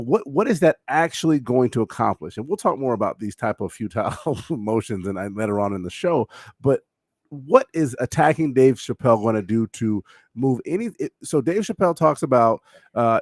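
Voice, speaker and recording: Male podcast co-host, lively rambling delivery, dry close mic, laughs a lot. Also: medium pitch, no echo. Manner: rambling, laughs often, frequent fillers and restarts. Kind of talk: casual chat.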